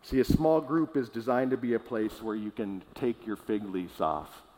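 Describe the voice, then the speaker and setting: A male pastor delivering a sermon in a church, with a middle-range voice and an earnest, emphatic delivery. He slows down on key words and stumbles into small restarts. His voice carries the long reverb of a large hall. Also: medium pitch, mellow, slight background noise.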